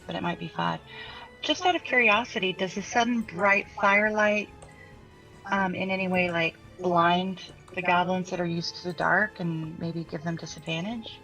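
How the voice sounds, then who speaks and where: A woman's voice: on the low side, moderate pace, bright, forceful tone, dull audio, faint music behind. A woman playing a tabletop game, chatting casually and asking curious questions about the rules. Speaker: player.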